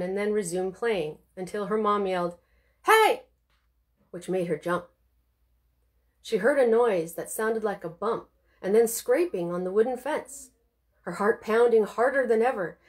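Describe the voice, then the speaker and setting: A woman reading her own novel aloud, telling it expressively with suspense. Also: mid-range voice. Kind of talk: audiobook reading.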